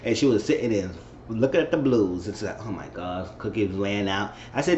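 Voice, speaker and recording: A man giving a casual, animated recap of a TV episode, retelling scenes and acting out the characters' lines with laughs along the way. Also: on the low side, normal speed, slight background noise. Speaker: show recap vlogger. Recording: roomy dull home recording with faint ambience.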